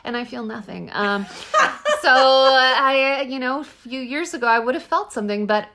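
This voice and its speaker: A woman's voice: high voice, expressive, moderate pace, sharp tone, slight background noise. A woman co-hosting a podcast in casual chat, rambling and giggly with lots of fillers. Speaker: podcast co-host.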